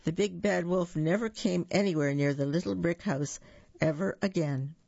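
A storyteller reading a fairy tale aloud in a lively, playful way. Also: medium pitch, normal speed, vocal fry, dry recording, highs cut off.

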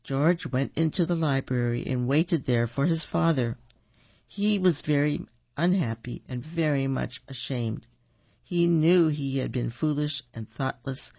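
A man's voice: mid-range voice, unhurried, creaky, darkish tone, no room sound, lo-fi sound. A man reading children's stories and folk tales aloud, in an unpolished way, stopping to correct his own slips. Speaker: storyteller.

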